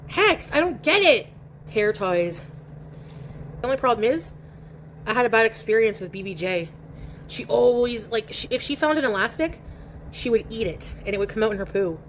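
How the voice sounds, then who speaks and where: A woman's voice: fairly high pitch, moderate pace, pauses often, slight background noise. A woman live streaming from home, chatting casually and reading viewer comments aloud while she eats. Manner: chatty and rambling, eating while talking.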